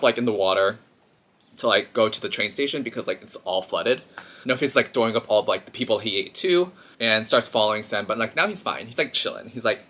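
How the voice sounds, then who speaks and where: A man chatting casually as a vlogger, recapping a film in an animated, filler-heavy way. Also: fairly low pitch.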